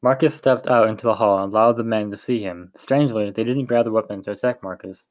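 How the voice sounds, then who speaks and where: A man's voice: on the low side, quick pace, dry recording, lo-fi sound. A man reading a story aloud in a plain way, with frequent slips and restarts. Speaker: narrator.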